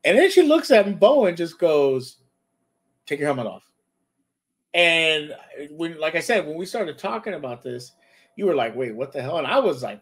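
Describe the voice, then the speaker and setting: A man's voice: a little high, sing-song, moderate pace, breathy edge. A man hosting a casual chat, retelling scenes and acting out the characters' lines. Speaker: podcast host. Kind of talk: casual show review chat.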